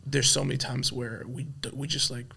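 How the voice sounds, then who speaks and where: Man in his thirties, podcast guest, gravelly voice, bright edge, halting candid talk. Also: mid-range voice, flat delivery. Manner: soft-spoken, halting, many restarts and fillers. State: emotional, choked up. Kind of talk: candid conversational storytelling.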